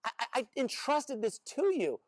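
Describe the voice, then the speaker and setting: A man's voice: very high-pitched, big pitch swings, normal speed, no room sound, studio quality, pitched above the performer's own voice. A man voicing an angry, demanding boss in a spoken parable who scolds in indignant, stammering bursts.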